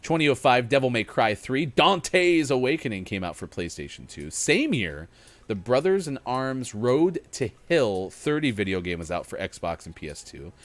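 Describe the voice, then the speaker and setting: A man's voice: mid-range voice, sing-song, moderate pace, no room sound. A man hosting a gaming morning show, joking and rambling between readings of a gaming history list. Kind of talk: casual chat.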